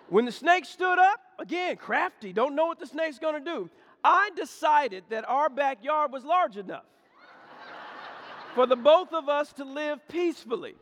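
Male pastor, high voice, folksy storyteller, church hall echo. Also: unhurried. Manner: folksy, animated storytelling, repeats words. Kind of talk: sermon with storytelling. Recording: echoey hall.

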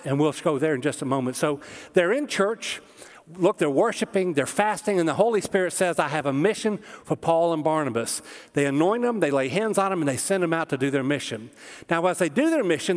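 A man preaching from the pulpit with a fairly high voice, emphatic and direct, and he often turns to his listeners with rhetorical questions. His voice carries a long reverb, as in a large church sanctuary. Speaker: pastor. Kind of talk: sermon.

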